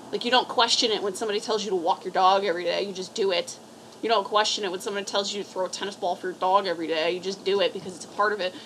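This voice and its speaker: A blunt woman from a cat rescue talks casually to camera about cat care, rambling and cursing as she goes. Her voice sits at a middle pitch. A faint noise runs underneath. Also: fairly bright tone, low-quality recording. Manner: blunt, swears freely, rambling. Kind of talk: casual advice talk to camera.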